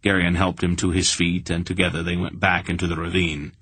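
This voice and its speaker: A man narrating an audiobook in a steady, measured storytelling manner. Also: low voice, husky, no room sound. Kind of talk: scripted narration.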